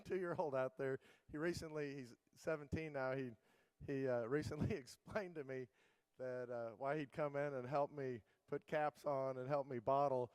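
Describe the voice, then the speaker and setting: A middle-aged man gives a keynote in a loose, storytelling way, piling up fillers and restarts. His voice is smooth and clear at an ordinary pitch. The sound is dry and close, with almost no room around it. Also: a little mellow, no room sound, poor audio. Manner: casual, rambling anecdotes with many fillers and restarts. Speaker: keynote speaker.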